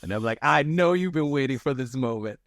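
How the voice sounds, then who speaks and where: Man, podcast co-host, casual chat, animated pitch, frequent laughter, dry close sound. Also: brisk, no echo. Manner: laughs often, acts out quoted lines in high voices.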